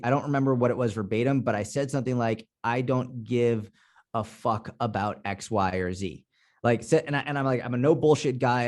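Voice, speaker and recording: A man from Boston talking on a podcast as a guest coach, blunt and candid, swearing freely. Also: medium pitch. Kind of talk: casual podcast conversation.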